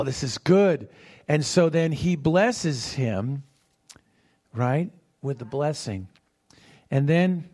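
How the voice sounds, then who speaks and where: A man preaching a sermon, teaching verse by verse and acting out the voices in the story while quizzing the congregation. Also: on the high side. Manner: animated, calls to the congregation with questions.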